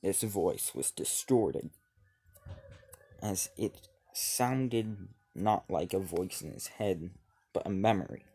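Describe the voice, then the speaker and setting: A man narrating an improvised fan story in a slow, husky, lowish voice. He stops and restarts often, piecing the plot together as he goes. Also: mellow. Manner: halting, many restarts and repeated "as he would".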